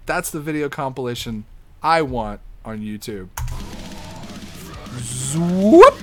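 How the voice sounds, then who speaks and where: A young man giving casual, crude reaction commentary on videos, excitable and swearing, with laughing outbursts. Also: medium pitch, takes it slowly, over music.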